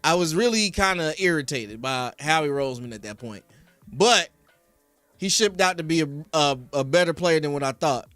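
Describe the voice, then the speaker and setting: Young male Philly sports host, high, bright voice, rambling chat replies, flares into rants, dry close mic. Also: expressive, normal speed, no echo, faint music behind. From Philadelphia. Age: young adult. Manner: rambling, reads chat names, rises to heated rants. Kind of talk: casual sports talk to live chat. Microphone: studio podcast mic.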